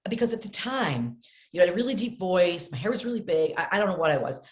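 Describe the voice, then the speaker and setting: A middle-aged woman tells stories in a casual interview, bouncing into the voices of the people she describes. Her voice sits a little low for a woman and carries a noticeable room echo around it. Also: fast. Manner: animated, acts out family voices in her stories. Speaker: guest.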